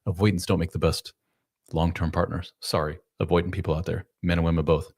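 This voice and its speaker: A man with a very low voice talks straight to his viewers on a live advice stream about marriage. He is blunt and casual, swears now and then, and keeps going through his ums and uhs. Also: flat delivery, a little fast, creaky, a little mellow, breathy edge. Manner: blunt, casual, and profane, full of fillers; acts out spouses' lines in voices. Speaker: relationship coach and author, host. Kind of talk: live advice stream answering chat questions.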